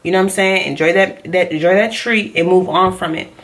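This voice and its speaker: A woman's voice: on the low side, steady tone, fairly quick. A woman coaching on diet in a casual vlog, chatty and repeating her points for emphasis.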